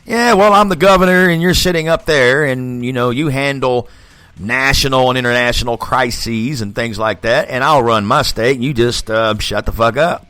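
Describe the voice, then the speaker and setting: A man's voice: medium pitch, normal speed, sharp tone, smooth, dry recording, soft background music, natural voice. A man putting on an arrogant, dismissive male state governor, talking brusquely and condescendingly.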